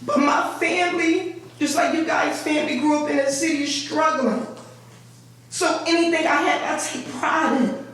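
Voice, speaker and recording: An older woman who lives in the housing speaks during public comment at a board meeting, her high voice moving at a moderate pace with a bit of brightness. Emotional and pleading, she repeats herself for emphasis. The meeting room is very echoey, and she sounds distant over faint noise.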